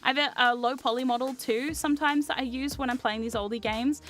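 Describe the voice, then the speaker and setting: Bright high-voiced woman streamer. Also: fairly quick. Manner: animated, swearing, laughing, reading chat aloud. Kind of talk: casual chat stream. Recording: faint music behind.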